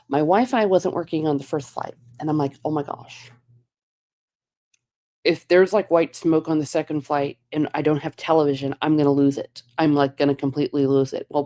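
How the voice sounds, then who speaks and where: Low-voiced excitable woman streamer. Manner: excitable, acts out her own reactions with quoted asides. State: jet-lagged and tired. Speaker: livestream host. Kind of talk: casual livestream storytelling.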